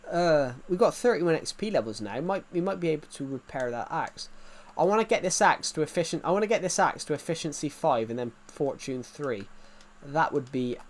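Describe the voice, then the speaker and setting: This young man's voice is a little high, expressive, and a touch fast as he livestreams a game. Chatting casually, he rambles, teases himself, and is easily pulled onto tangents.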